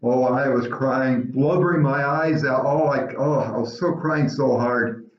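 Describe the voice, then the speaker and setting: A man telling a personal story in an animated way, with dramatic pauses. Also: mid-range voice. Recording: roomy, dull lo-fi recording.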